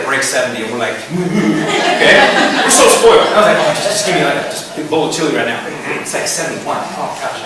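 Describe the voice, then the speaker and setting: A man preaching a sermon as pastor, talking in an animated, casual way and acting out the voices he quotes. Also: on the high side. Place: church sanctuary. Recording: very echoey hall, from far off.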